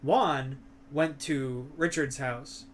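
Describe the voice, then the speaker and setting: A man's voice: medium pitch, steady tone, drawn-out words, slight background noise. A young man chatting casually as a stream co-host, telling long rambling stories full of fillers and crude words. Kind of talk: casual chat.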